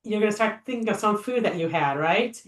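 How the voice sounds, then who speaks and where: Speaking fairly quickly with lively intonation and a medium pitch, a Torah study teacher runs an informal text class. She is chatty and thinks aloud, using many fillers and rhetorical questions, and the echoey recording puts her voice somewhat distant from the mic.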